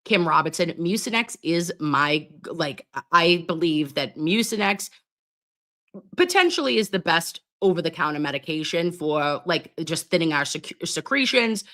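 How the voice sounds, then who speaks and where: A middle-aged nurse hosting a live stream, chatting with viewers and reading their comments while she gets over pneumonia and keeps clearing her throat. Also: lowish voice, animated, measured pace, pushed and bright. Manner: chatty, calls viewers babes, reads comments aloud. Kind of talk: casual live stream chat.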